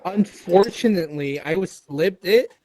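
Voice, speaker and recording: A man's voice: sits high, expressive, a little slow, a loud crowd. A man co-hosting a casual talk show, hesitant and often breaking off to restart his sentences. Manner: hesitant, self-interrupting. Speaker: co-host. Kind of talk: casual chat.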